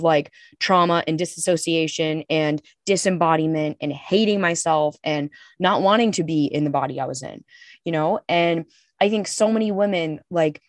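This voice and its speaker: A woman's voice: lowish voice, dry recording. A young woman co-hosting a podcast, talking in a candid, emphatic way and swearing freely. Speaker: podcast co-host. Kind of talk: casual podcast chat.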